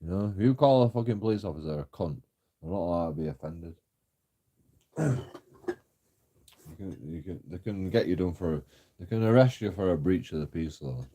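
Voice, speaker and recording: A man's voice: low-pitched, lively intonation, moderate pace, pauses often, warm tone, husky. A young man telling a story in a casual, sweary rant, often laughing and mocking. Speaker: vlogger. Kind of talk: casual ranting monologue.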